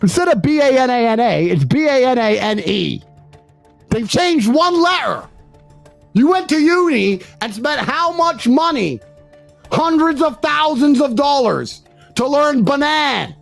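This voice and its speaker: A man in a mocking, profane rant, swinging between near-shouts and low muttering. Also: big pitch swings, a little slow, creaky, faint music behind. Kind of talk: ranting monologue.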